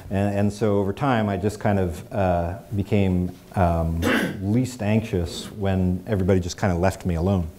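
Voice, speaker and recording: A man's voice: low voice, fairly even intonation, measured pace, background noise. A middle-aged man telling a personal story in a public talk, with wry, self-deprecating humor. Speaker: speaker.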